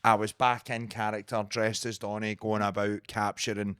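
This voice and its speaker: A man's voice: normal speed, clear, resonant tone, dry recording, clean studio sound. Scottish man telling stories, chatty. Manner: animated storyteller who leaps up in pitch for quoted voices. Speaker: podcast co-host and comedian. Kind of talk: casual chat.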